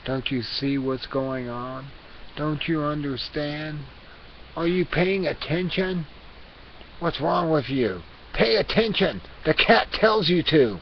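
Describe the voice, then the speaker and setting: A man's voice: medium pitch, little pitch movement, takes it slowly, close to an everyday voice. A man voicing a male house cat who rants and scolds, hectoring listeners to pay attention. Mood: scolding. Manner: hectoring, conspiratorial, repeats demands to pay attention. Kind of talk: comic character rant. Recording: dull lo-fi recording with hiss.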